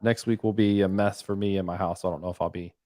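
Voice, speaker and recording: A man's voice: sits low, fairly even intonation, quick pace, mellow, no echo, clean studio sound. A man hosting a live stream, chatting casually and rambling with frequent "um"s and "like"s. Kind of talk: casual chat.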